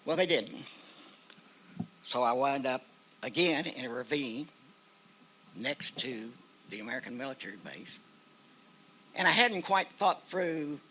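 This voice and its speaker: His voice fairly high, bright, and forceful, an older Oklahoma-accented veteran speaks as a guest at an outdoor memorial ceremony in a park. He shares a personal war story like a folksy storyteller, acting out the voices, captured in poor audio with slight background noise.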